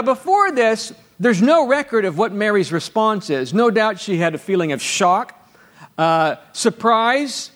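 A man preaching a sermon as pastor, quizzing his congregation and lifting his voice high and loud as he reads scripture aloud. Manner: rises to loud exclaiming when reading scripture; asks the congregation questions.

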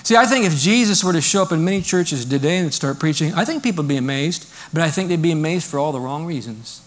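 A male pastor delivers an animated sermon to his congregation, his voice sitting notably high. He swings between emphatic declarations and quieter asides, sometimes slipping into a sarcastic mock voice. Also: fast talker. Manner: animated preaching, mock voices of modern critics. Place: church.

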